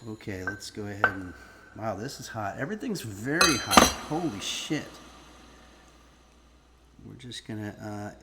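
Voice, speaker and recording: A man's voice: lowish voice, sing-song, measured pace, pauses often, very noisy. A man hosting a live-stream cooking lesson, chatting casually, frank and self-mocking, swearing now and then.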